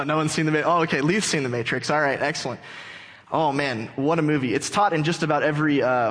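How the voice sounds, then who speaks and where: Animated male pastor in a reverberant church. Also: medium pitch. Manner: animated storyteller, acts out characters. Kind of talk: sermon. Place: church sanctuary. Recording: long church hall reverb.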